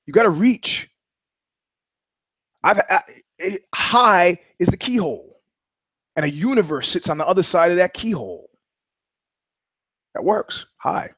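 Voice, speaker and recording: Guy podcast host ranting, swears a lot, kinda high voice, dry muffled audio. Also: lively intonation, measured pace, long pauses, a bit bright, slightly rough, no room sound. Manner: profane, rambling, acts out quoted exchanges. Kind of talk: casual rant.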